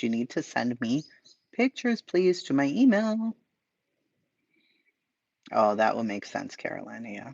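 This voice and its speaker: A man's voice: mid-range voice, gravelly, no echo, dull audio. A man hosting a casual livestream, reading chat aloud with profane, sarcastic asides and mutters. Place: home, dogs barking nearby.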